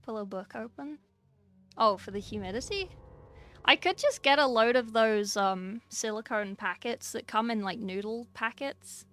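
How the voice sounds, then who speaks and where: A woman's voice: fairly high pitch, normal speed, a bit bright. A young woman chatting casually on a livestream while painting miniatures, reading and answering her chat from a small room at home. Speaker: streamer.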